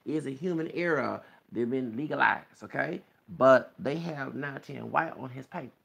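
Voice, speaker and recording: Guy ranting on his vlog, husky rough voice, keeps going okay? okay?. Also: medium pitch, moderate pace, fairly bright tone. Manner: insistent, repeatedly tags sentences with "okay?". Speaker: video blogger. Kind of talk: heated ranting monologue. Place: Texas.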